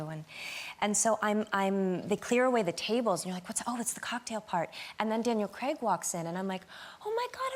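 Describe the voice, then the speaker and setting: A woman guest on a talk show, telling an animated, lively story. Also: medium pitch. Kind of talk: casual anecdote. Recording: studio audience laughter behind.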